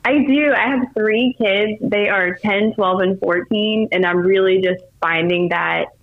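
A woman's voice: mid-range voice, measured pace. A middle-aged woman, a podcast guest, chatting casually with many filler words. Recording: tinny phone-line sound.

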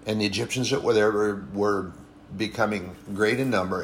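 A man preaching a sermon in a conversational way, repeating phrases for emphasis and pausing to correct himself. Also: lowish voice, slight background noise. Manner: conversational, repetitive and emphatic, with frequent restarts and apologies.

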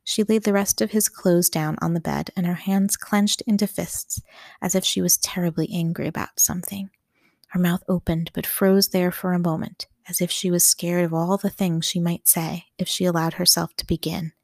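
A woman reading a novel aloud as an audiobook narrator, calm and measured. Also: lowish voice, gravelly, dry recording, clean studio sound.

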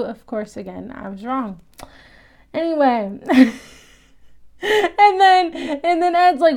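A woman casually recapping a TV episode, chatty and animated, laughing often and acting out quoted lines. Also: sits high, takes it slowly, pauses often.

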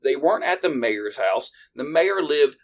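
A man's voice: fairly high pitch, lively intonation, unhurried. A man hosting a podcast, delivering an angry political rant full of profanity and heated bursts. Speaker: podcast host.

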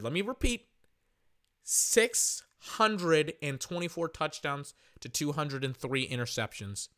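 Casting: hoarse male podcast host, sports rant, high and bright voice, emphatic and repetitive. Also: slow pace. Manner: passionate and emphatic, heavy repetition. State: hoarse, losing his voice.

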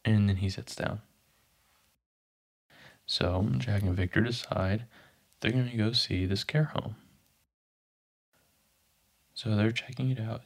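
A man casually recapping a TV episode, narrating scenes and briefly acting out quoted lines. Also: on the low side. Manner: animated, pops into quick character voices for quotes. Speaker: podcast host recapping a TV episode.

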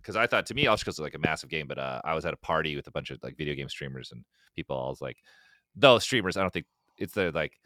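A man's voice: a bass voice, expressive, fast talker, pushed and bright, no room sound, studio quality. A young man, a musician guest, chatting casually on a podcast, rambling with restarts and swearing. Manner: rambling, profane, many restarts and acted-out quotes.

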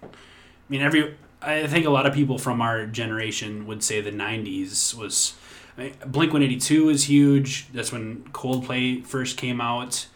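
A man in his thirties co-hosting a podcast, speaking at a middling pitch. He rambles and restarts his sentences, and he swears freely in a relaxed, casual chat. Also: normal speed. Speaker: podcast co-host.

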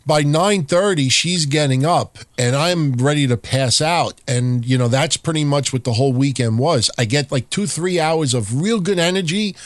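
A man's voice: on the high side, normal speed, hardly any pauses, no echo. A man hosting a podcast, chatting candidly and casually with some swearing. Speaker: podcast host. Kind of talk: casual chat.

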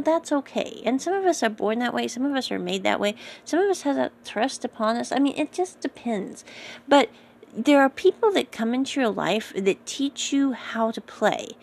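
A woman's voice: fairly high pitch, darkish tone. A woman giving a casual episode recap, chatty and digressive, often correcting herself and drifting into asides. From United States.

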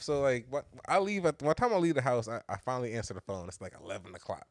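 A man telling a story in casual chat, his voice jumping up high whenever he acts out a line. The sound is dry and close, with no room behind it. He swears a lot and laughs as he goes. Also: very animated, rapid-fire, hardly any pauses, no echo.

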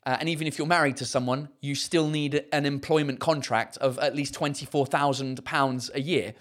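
A man's voice: medium pitch, fairly even intonation, moderate pace, a bit bright. A man, a comedian and host, chatting casually and rambling as he reads out viewer comments, with lots of fillers and the odd swear word. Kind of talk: casual live-stream chat reading comments.

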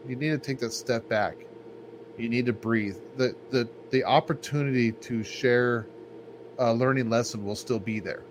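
A man co-hosting a podcast, telling stories in a laid-back, rambling way full of "like". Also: medium pitch. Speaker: podcast co-host. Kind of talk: casual podcast chat. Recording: faint background noise.

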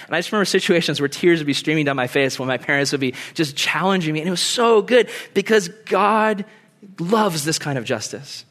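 A young man preaching a sermon in an animated way, acting out quoted voices and laughing easily. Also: on the high side, brisk. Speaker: pastor.

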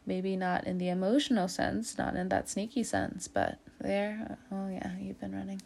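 A woman's voice: medium pitch, lively intonation, normal speed, vocal fry, darkish tone, slight background noise. Chatty woman giving a tarot reading. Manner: chatty, laughs often, calls the listener fam and homie. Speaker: tarot reader. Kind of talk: casual tarot reading to camera.

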